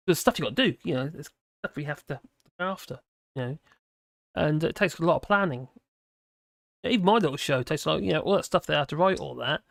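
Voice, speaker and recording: A man's voice: on the high side, creaky, a bit bright, dry recording, clean studio sound. A tired man hosting a livestream, rambling casually through viewer chat and slurring his words a little. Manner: rambling, with frequent restarts and fillers.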